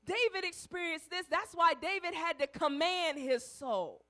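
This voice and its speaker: A woman preaching a sermon, building to shouted climaxes and then dropping soft to tell stories. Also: very high voice, lively intonation, unhurried.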